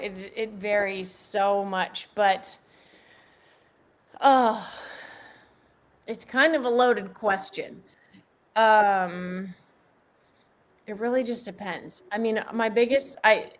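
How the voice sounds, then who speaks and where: With a medium-pitched voice, a young fitness coach explains a workout on her home live stream, chatty and upbeat, laughing often and answering viewers by name. Her camera mic at home picks up a little hiss or hum.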